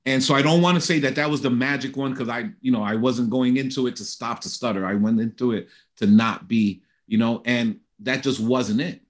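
A middle-aged man, a guest in a conversational interview, sharing a personal testimony in an earnest, animated way. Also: mid-range voice, brisk, few pauses.

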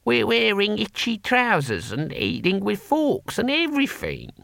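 Man playing a squeaky puzzled old barbarian, slow, dry close sound. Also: wildly swooping pitch, vocal fry, fairly bright tone, no room sound, exaggerated voice. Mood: bewildered. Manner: high, slow and bewildered. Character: indignant elderly male barbarian.

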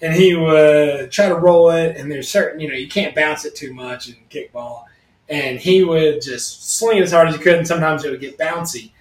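A man's voice: fairly high pitch, normal speed. A man co-hosting a casual podcast, telling rambling stories and acting out what people said. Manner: rambling, animated storyteller who acts out quotes. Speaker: podcast co-host. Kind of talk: casual storytelling chat. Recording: roomy echo, mic at a distance.

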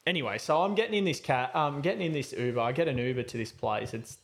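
A man hosting a podcast, telling a story in a casual, animated way and acting out his own lines. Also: medium pitch, quick pace, gravelly. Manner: animated, acts out his own quotes loudly. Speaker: podcast host.

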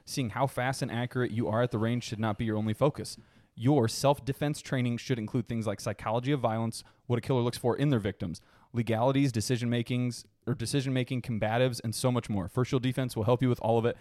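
A man's voice: mid-range voice, steady tone, quick pace, darkish tone, dry recording. Thirties man, podcast co-host, laughing storyteller, mid voice, dry booth sound. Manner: laughs through stories, sings goofy bits. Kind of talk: casual chat.

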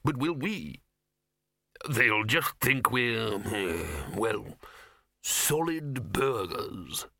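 A man's voice: lowish voice, big pitch swings, very slow, gravelly, bright, forceful tone, no room sound, clean studio sound, exaggerated voice. A man reading an audiobook, voicing an eager, self-satisfied male wizard lecturer in a raised, chirpy voice. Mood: pleased.

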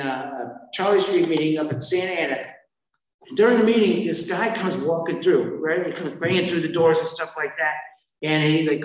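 A middle-aged man telling his recovery story at a meeting, blunt and rambling, often stopping to restart his sentences. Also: on the high side. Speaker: speaker sharing at a recovery meeting. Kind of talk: personal recovery testimony. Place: meeting hall. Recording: very echoey hall, from far off.

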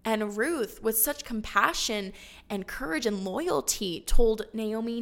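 A woman's voice: a little high, animated, takes it slowly, creaky, a bit bright. A woman teaching a casual Bible story lesson in a bubbly, chatty way, full of laughing asides.

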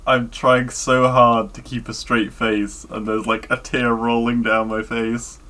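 A man co-hosting a podcast, telling stories in a rambling, animated way. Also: medium pitch, a little slow. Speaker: podcast co-host. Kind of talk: casual chat.

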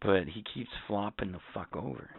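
With a lowish, slightly rough voice marked by vocal fry, he speaks at normal speed. As a podcast co-host in casual chat, he rants angrily and profanely through his stories, heard over tinny, phone-like audio.

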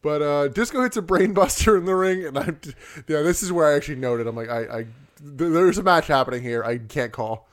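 A man's voice: a little high, animated, brisk. A man co-hosting a casual podcast chat, swearing freely and laughing often while working through his notes. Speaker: podcast co-host. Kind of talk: casual wrestling recap chat.

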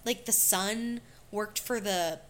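With a slow, mid-range voice, this young woman co-hosting a podcast rambles through casual conversation. She sounds animated and leans heavily on fillers.

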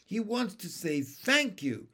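A man reading the part of a sweet, gentle young girl who speaks softly and kindly. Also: high-pitched, very animated, slow pace, breathy edge, pitched above the performer's own voice, exaggerated voice.

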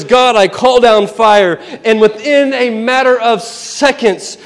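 A man preaching a sermon, retelling a Bible story in an animated, conversational way with asides. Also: extremely high pitch, in a large hall.

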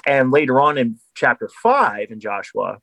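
A man's voice: mid-range voice, very animated, normal speed, gravelly, fairly bright tone, dry recording, poor audio. A man, a podcast guest, talking in an earnest, explanatory way in casual conversation.

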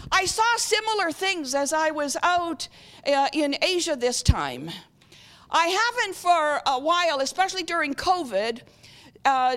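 A woman preaching a sermon as a guest speaker. She keeps asking the audience whether they are with her and often clears her throat. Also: very high voice, bright, forceful tone. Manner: engaging, repeatedly checks with the audience.

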